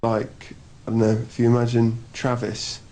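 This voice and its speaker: A man's voice: mid-range voice, completely flat delivery, normal speed, warm tone. A young man in his twenties, a band member, joking and self-mocking in a casual interview. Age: 20s.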